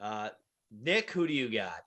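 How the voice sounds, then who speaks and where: A man's voice: fairly low pitch, very animated, unhurried, pushed and bright. A man hosting a casual wrestling prediction podcast, calling on each co-host in turn. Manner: leads the talk, calls on each co-host.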